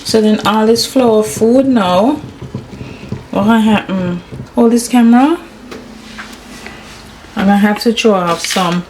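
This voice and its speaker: A woman in her thirties with a Caribbean English accent, chatting casually to her viewers and her husband at home, giggly and warm. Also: fairly high pitch, a little slow, long pauses, slight background noise. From Caribbean, grew up in Anguilla. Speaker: vlogger. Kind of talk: casual home vlog chat. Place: home, indoors.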